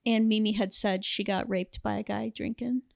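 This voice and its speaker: Recorded in clean studio sound without echo, a young woman with a gravelly, mid-range voice co-hosts a casual film review podcast. She animatedly recounts the plot and quotes characters in quick voices.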